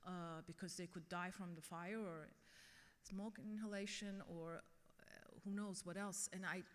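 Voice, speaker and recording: A woman's voice: lowish voice, fairly even intonation, unhurried. A middle-aged woman giving a keynote speech and telling a personal story earnestly. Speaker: keynote speaker. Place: conference hall. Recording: long reverb of a large hall.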